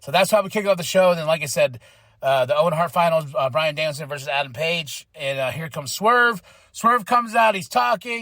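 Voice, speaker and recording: High-voiced man recapping, dry sound. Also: fairly quick, pushed and bright, no echo. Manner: chatty and irreverent, swears freely, acts out quotes. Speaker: podcast host. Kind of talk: casual wrestling show recap.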